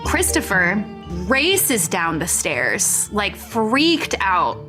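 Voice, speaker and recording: A woman's voice: medium pitch, wildly swooping pitch, very slow, over music. A woman animatedly telling a shared story with a friend, chiming in as they go. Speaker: storyteller guest, band member.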